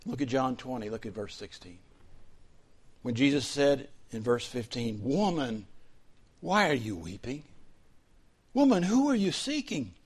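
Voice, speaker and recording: Man preaching, hushed to booming. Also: very animated, measured pace, long pauses, breathy edge. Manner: swings from hushed whispers to loud, rising preaching. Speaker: pastor. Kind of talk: sermon.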